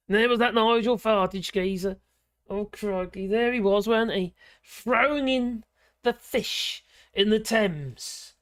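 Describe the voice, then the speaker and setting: A man's voice: high-pitched, lively intonation, a little slow, pauses often, a bit bright, no room sound, clean studio sound. A man from Norfolk with a Norfolk accent, hosting a casual livestream chat, rambling with many fillers, chuckles and exclamations. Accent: Norfolk English. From Norfolk, England. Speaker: livestream host.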